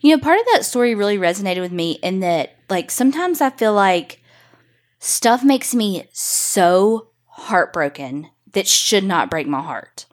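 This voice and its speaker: A woman's voice: medium pitch, very animated, measured pace. Young adult woman, podcast co-host; emotional, rambling chat, reads listener letters. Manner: emotional, swears freely, rambling. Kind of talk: casual chat and reading listener stories.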